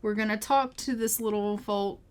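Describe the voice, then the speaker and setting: A woman voicing a calm grandmother who knows horses, speaking in a matter-of-fact, reassuring way in a life-sim game playthrough. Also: mid-range voice, normal speed, a crowd in the background, close to an everyday voice. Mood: soothing.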